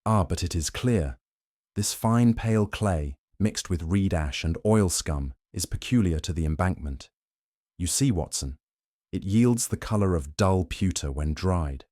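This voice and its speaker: Guy doing sherlock holmes, calm keen detective, smooth measured talk, deep mellow voice. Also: no echo, studio quality. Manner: smooth, measured, almost kind.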